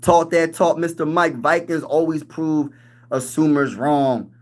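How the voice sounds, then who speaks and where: A man hosting a casual sports livestream, hyped and animated as he reads and answers chat with fan trash talk. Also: on the high side, measured pace.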